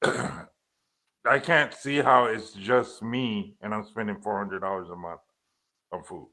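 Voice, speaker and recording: A man talking in a casual livestream chat, animated and acting out little quotes, often murmuring agreement. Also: fairly low pitch, slow.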